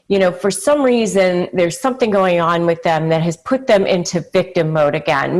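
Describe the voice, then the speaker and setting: A woman hosting a talk video, explaining her topic in a conversational, emphatic way with frequent fillers and short acted-out quotes. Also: mid-range voice. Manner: acts out quoted pleading lines. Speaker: channel host. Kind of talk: direct-to-camera advice talk.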